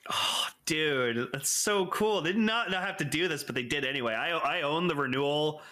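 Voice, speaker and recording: A man co-hosting a podcast in casual chat, excitable, laughing often and swearing as he acts out quotes. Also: fairly high pitch, moderate pace. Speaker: podcast co-host.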